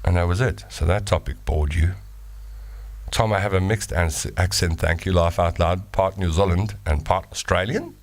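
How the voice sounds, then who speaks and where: Gravelly deep-voiced host. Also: male voice, moderate pace. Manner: lively and playful, reading voice notes. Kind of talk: live talk show chat.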